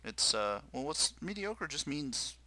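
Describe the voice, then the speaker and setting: A man's voice: on the high side, sing-song, a little slow, sharp tone, low-quality recording. A man hosting a podcast in casual banter, joking and self-deprecating as he rambles through his week. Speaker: podcast host.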